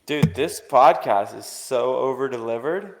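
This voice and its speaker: A man's voice: medium pitch, measured pace, vocal fry. A young man talking as a podcast guest, rambling and slangy with lots of fillers and casual swearing.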